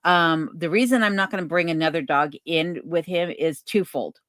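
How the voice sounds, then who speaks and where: A woman with a low-pitched voice hosts a casual livestream Q&A from her home cabin in remote Alaska. She reads viewer comments aloud and answers in a relaxed, unhurried way, saying "um" often. The audio is studio quality with no room sound.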